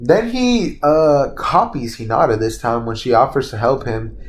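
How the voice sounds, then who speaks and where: A young man spins a homemade fan story in a loose, unscripted ramble. He keeps losing names, doubling back to correct himself, and drops the odd curse. His voice sits at an ordinary middle pitch. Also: expressive, moderate pace. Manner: laughs at his own slips, swears casually. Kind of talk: casual spoken fan-fiction retelling.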